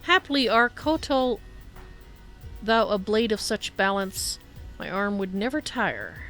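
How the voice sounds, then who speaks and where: A woman reading the slow, archaic, formal lines of a male blacksmith in a game, over faint music. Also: medium pitch, very animated, fairly bright tone. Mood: formal, weary. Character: formal old-fashioned male blacksmith guard.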